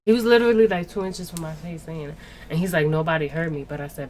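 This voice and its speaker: A young woman with a low voice, telling a personal story in a loose, profane, animated way. She leans on "like" and "yo" constantly, and a faint hiss of noise sits under the recording. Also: fast talker. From Spanish-speaking background. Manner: animated, profane venting with lots of "like" and "yo". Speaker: podcast co-host. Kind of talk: casual storytelling chat.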